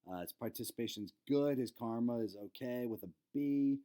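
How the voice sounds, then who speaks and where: A man's voice: medium pitch, normal speed, warm tone, smooth. A young man hosting a casual fantasy football recap, laid-back, with lots of ums and fillers. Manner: laid-back, lots of ums, quotes friends in raised voices. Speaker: fantasy football league host.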